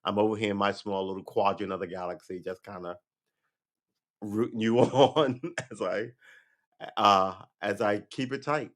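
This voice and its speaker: A man's voice: lowish voice, fairly even intonation, normal speed. A middle-aged man hosting a livestream, chatting casually to viewers in a loose, rambling way, swearing and laughing often. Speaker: livestream host.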